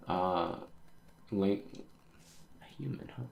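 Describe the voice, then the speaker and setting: A man's voice: deep voice, animated, measured pace, pauses often, slight background noise. A man hosting a casual manga reaction, talking in a loose, laid-back way with frequent exclamations. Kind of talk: casual reaction while reading a comic aloud.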